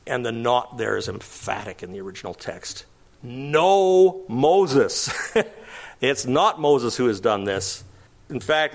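Lively-pitched male preacher. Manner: animated preaching, rhetorical questions, occasional chuckles. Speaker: pastor. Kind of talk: sermon.

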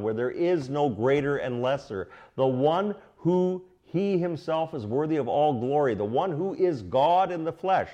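Middle-aged man, pastor, expository sermon, lively rising and falling pitch, mellow dark tone. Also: highs cut off. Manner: animated teaching, asks the congregation questions; swings between emphatic bursts and quiet asides. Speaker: pastor teaching a Bible study.

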